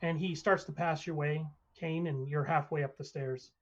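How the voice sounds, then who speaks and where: A game master narrating a live-streamed tabletop game, hesitant with lots of pauses and restarts. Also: mid-range voice, steady tone, lo-fi sound. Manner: hesitant, many ums and restarts.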